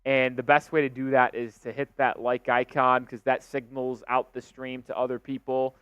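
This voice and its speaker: A man hosting a live sports stream, calling play-by-play and getting excitable on big plays. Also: medium pitch, normal speed, smooth, no echo, dull audio.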